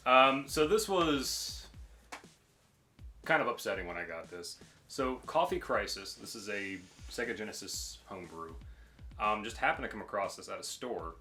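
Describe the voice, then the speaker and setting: Casual male co-host, hesitant, bright tone, soft music underneath. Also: fairly low pitch, normal speed. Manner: relaxed, hesitant, lots of ums. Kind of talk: casual collection show-and-tell.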